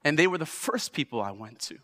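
A man in his thirties preaching a sermon, swinging from loud exhortation to hushed storytelling. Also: fairly high pitch, very animated, brisk. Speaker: pastor. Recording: long reverb of a large hall.

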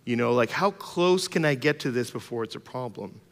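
A man's voice: mid-range voice, animated, normal speed. A man preaching a sermon as a pastor. He tells humorous stories in an informal style with many fillers. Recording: long reverb of a large hall.

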